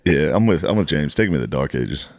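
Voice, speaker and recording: Deep-voiced guy on a podcast, blunt and crude, swears constantly. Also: expressive, fast talker, a little mellow, no echo, studio quality. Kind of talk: casual chat.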